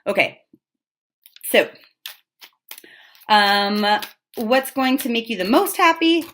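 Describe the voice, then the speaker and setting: A woman talks through a tarot reading in a loose, conversational way. She is frank and chatty, fills her pauses with little asides, and lets the odd swear word slip. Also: fairly high pitch, expressive, a bit bright. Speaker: tarot reader.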